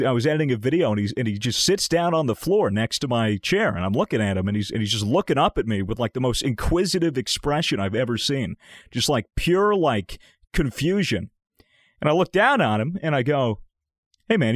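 A man in his twenties co-hosts a podcast in a medium-pitched voice, speaking a little fast; the audio is studio quality with no room sound. He tells stories in casual, animated conversation, cursing often and acting out people's words.

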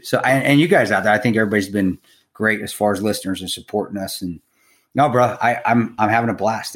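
A middle-aged man co-hosting a podcast, chatting casually and telling animated stories with plenty of swearing, bro and dude. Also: fairly low pitch. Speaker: podcast co-host. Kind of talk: casual chat.

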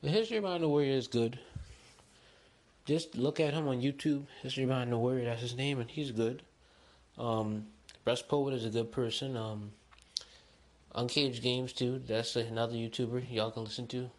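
A young man hosting a solo podcast, chatting in a rambling, excitable, slangy way. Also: mid-range voice, moderate pace. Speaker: podcast host. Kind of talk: casual solo podcast chat.

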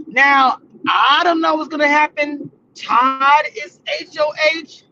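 A woman hosting a casual livestream about a reality show, talking in animated slang and laughing often. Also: sits high, slow, a little hiss or hum. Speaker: entertainment reality-show review host. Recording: slightly muffled livestream audio.

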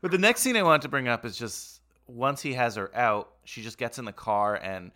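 A man's voice: mid-range voice, normal speed, a little hiss or hum. A man co-hosting a casual film podcast, laughing often and acting out scenes as he talks. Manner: laughs often, animated retellings. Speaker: podcast co-host. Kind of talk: casual movie discussion.

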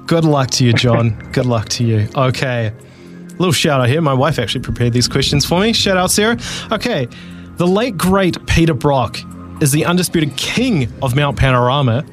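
A man's voice: medium pitch, animated, moderate pace, soft background music. A man hosting a radio sports quiz in a teasing, upbeat way, laughing often. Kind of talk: casual radio chat.

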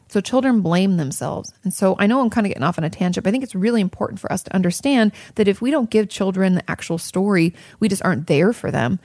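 Frank, gravelly-voiced woman therapist. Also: on the low side, darkish tone, dry recording, clean studio sound. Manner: candid and frank, swears freely, drifts into tangents. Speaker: therapist and podcast host. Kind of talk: casual advice podcast talk.

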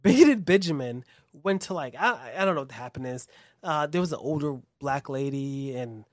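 A young man tells a story in loose, casual chat, swearing freely and restarting his sentences as he goes. His voice sits at an ordinary middle pitch, and the sound is dry and close. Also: normal speed, dry recording. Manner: rambling and profane, many restarts, acts out quotes.

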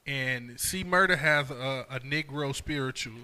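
A man's voice: mid-range voice, unhurried, bright, forceful tone. A man co-hosting a podcast, casually and enthusiastically leading the talk. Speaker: podcast co-host. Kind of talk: casual chat.

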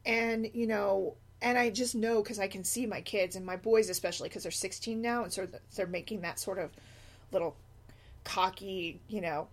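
A woman's voice: medium pitch, moderate pace. A middle-aged woman, a single mother, talking casually in a rambling monologue, often slipping into quoted voices. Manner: chatty, animated asides and quoted voices. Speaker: blogger, single mom.

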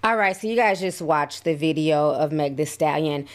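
A woman's voice: low-pitched, moderate pace. A woman hosting a commentary video, blunt and defiant, swearing casually as she addresses her viewers. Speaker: commentary channel host.

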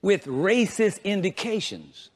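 A man's voice: high voice, big pitch swings, slow pace. A man preaching a sermon as pastor, leading the congregation in call-and-response and often stumbling over repeated words as he builds his point. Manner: repetitive, stammering restarts when making a point. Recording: long reverb of a large church hall.

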